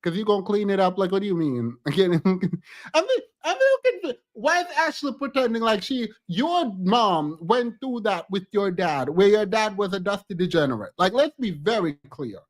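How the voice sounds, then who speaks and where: A man's voice: high voice, very animated, normal speed. A man streaming reaction commentary on reality TV clips, exasperated and ranting, repeating words for emphasis.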